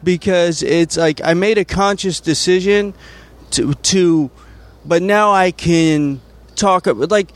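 A man, a comedian guest, talking casually and haltingly, full of fillers and restarts. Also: high voice. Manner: hesitant, many fillers and restarts. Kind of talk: casual conversation.

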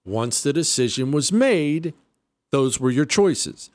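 A man's voice: fairly high pitch, lively intonation, takes it slowly, darkish tone, dry recording. A male talk radio host delivering an opinionated monologue, blunt and sarcastic, hammering points home by repeating them into a studio microphone. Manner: blunt, sarcastic, emphatic repetition.

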